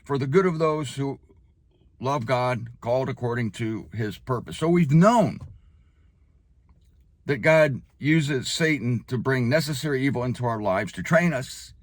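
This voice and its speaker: A man giving spoken Bible teaching in an emphatic way, slowing down hard on key phrases and leaping up for emphasis. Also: no room sound. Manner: animated, leaps up in pitch for emphasis.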